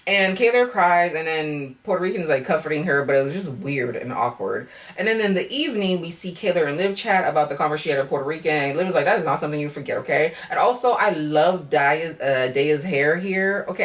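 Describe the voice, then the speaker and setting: Sitting far from the microphone, a young woman with a low-pitched voice gives a sassy, blunt recap of a reality dating show for her casual vlog. She swears freely and ends points with "okay?" and "girl."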